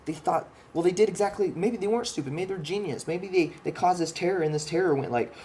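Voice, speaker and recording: Talking fast in a high-pitched voice over background noise, the man rants through his ideas as a vlogger, swearing, restarting sentences, and gesturing at a drawing while he explains.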